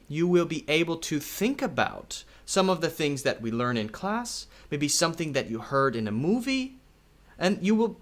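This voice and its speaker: A man teaching English in a recorded video lesson, speaking slowly and repeating key words, often checking in with "okay?". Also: fairly high pitch, fairly bright tone. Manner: slow, repetitive, checks in with "okay?".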